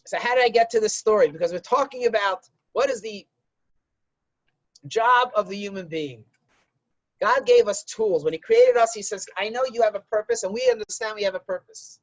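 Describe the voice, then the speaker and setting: A rabbi giving a conversational religious lesson and telling a story to illustrate it. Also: male voice, high voice, big pitch swings, normal speed, no echo, lo-fi sound.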